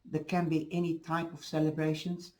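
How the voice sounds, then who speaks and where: A man's voice: fairly high pitch, monotone, moderate pace, darkish tone, poor audio. A man giving a casual, rambling tarot reading to camera, losing his voice. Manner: rambling, reassuring, restarts often. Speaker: tarot reader.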